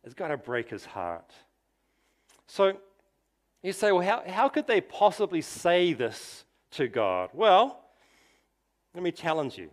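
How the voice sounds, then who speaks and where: Male pastor, delivering a sermon. Slow and deliberate, with a lively, swooping pitch. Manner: emphatic, rhetorical questions, drops to soft quiet tones for emphasis.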